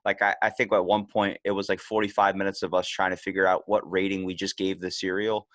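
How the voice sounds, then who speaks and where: A man's voice: low voice, little pitch movement, fast, a bit bright, dry recording. A man hosting a casual podcast, blunt and profane, animatedly retelling stories. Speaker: podcast host. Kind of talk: casual chat.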